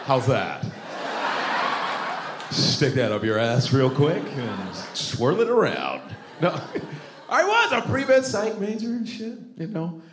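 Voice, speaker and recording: Lively, crude comedian in an echoey club. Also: male voice, on the high side, takes it slowly, background noise. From Chicago. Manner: loose, crude, chatty with the crowd. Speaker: stand-up comedian. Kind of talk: stand-up comedy.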